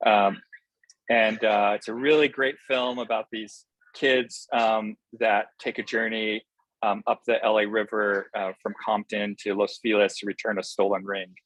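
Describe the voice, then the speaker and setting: A man's voice: lowish voice, level tone, a little slow, fairly bright tone, no echo, low-quality recording. A man being interviewed as a film director, talking in an earnest, enthusiastic way that often halts on fillers. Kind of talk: casual interview answers.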